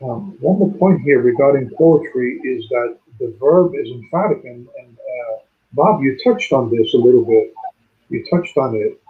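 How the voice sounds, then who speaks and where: Man, Bible study teacher, methodical explainer, tinny phone-line sound. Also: medium pitch. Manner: methodical, explanatory, slows down to sound out Hebrew words. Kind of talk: explaining Hebrew grammar in a livestream study.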